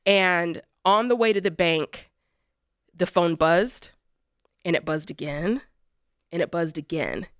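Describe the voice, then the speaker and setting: Animated woman telling a story in a dry studio. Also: lowish voice, takes it slowly, long pauses, dry recording. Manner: animated, emphatic storyteller who repeats phrases for effect. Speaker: co-host of a money advice show. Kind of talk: personal storytelling in studio conversation. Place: radio studio.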